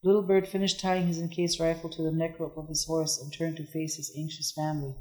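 A narrator reading a historical novel aloud in a measured, even delivery. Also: medium pitch, rough recording. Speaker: audiobook narrator.

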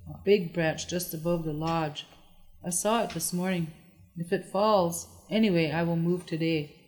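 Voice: mid-range voice, moderate pace, a little mellow, natural voice. A narrator voicing Good Plume, a composed adult widow who leads her friends, speaking firmly. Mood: calm. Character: calm, steady adult widow, a group leader. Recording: long echoey reverb.

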